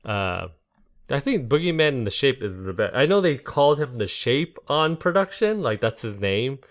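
Man, casual podcast co-host, smooth resonant voice, rambling, trips over names. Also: medium pitch, very animated, normal speed. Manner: rambling, stumbles on names, laughs at own jokes. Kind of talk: casual movie review chat.

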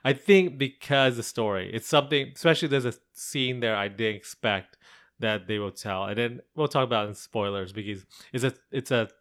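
A man's voice: medium pitch, a little fast, fairly bright tone. Man rambling through a casual podcast chat. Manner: meandering, thinks aloud in loose run-on sentences. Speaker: podcast co-host.

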